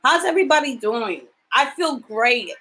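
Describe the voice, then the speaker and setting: A woman with a fairly high voice records a casual video diary about her caregiving job. She sounds tired from too little sleep. She talks bluntly and swears freely as she vents. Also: animated, moderate pace, fairly bright tone, breathy edge, rough recording. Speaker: home caregiver.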